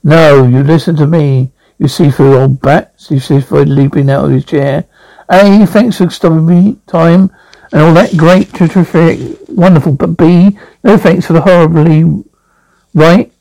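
A man voicing a conceited, excitable young man who boasts of being president of the galaxy. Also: a little slow, vocal fry, dry recording, low-quality recording. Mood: ranting. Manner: boastful, excitable, jumpy pitch.

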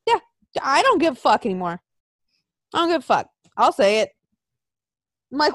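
A woman's voice: sits high, very animated, moderate pace, long pauses, dry recording. A young woman in casual chat, telling stories with lots of profanity and acting out the people she quotes. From Arizona.

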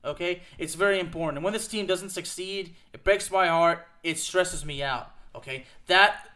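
A man's voice: high voice, moderate pace, pushed and bright. A man hosting a show, delivering an emphatic, repetitive rant about soccer and peppering it with "okay?". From United States. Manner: emphatic, repetitive, fired-up ranting with frequent "okay?". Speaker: podcast host. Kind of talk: ranting soccer commentary.

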